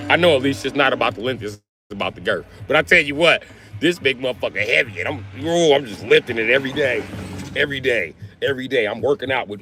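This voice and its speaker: A man's voice: mid-range voice, lively intonation, fast, music in the background. A man who works as a mechanic, chatting casually and profanely on a livestream, joking around.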